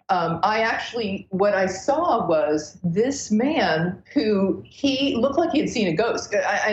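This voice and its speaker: Animated woman astrologer, roomy lo-fi sound. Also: medium pitch, slight background noise. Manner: animated, breathless storytelling with many restarts. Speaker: astrologer guest. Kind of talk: casual podcast interview.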